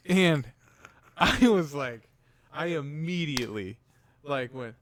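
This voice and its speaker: A man's voice: medium pitch, brisk. A man in his thirties, a podcast co-host, telling a rambling, profane family story with acted-out dialogue in casual chat. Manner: rambling anecdotes with acted-out dialogue, swears freely.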